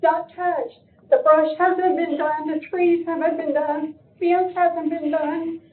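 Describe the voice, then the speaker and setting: An older woman speaks in a slow, high voice during public comment at a county meeting, her words pleading and tearful. The recording carries a roomy echo and sounds thin, like a phone line. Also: little pitch movement. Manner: emotional, pleading, voice breaking with tears. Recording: echoey room, phone-like meeting audio.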